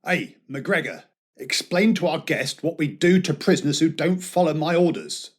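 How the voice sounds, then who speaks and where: An actor playing a dim English prison sergeant, husky and eager to please in a comic audio drama. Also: male voice, a little high, lively intonation, moderate pace. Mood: barking. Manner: barking orders, then fawning and polite. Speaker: prison guard.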